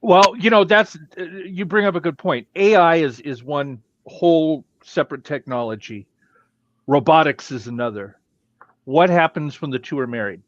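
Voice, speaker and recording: A man's voice: a little high, normal speed, no echo, muffled recording. A man in a casual talk show chat, speaking thoughtfully and laughing easily.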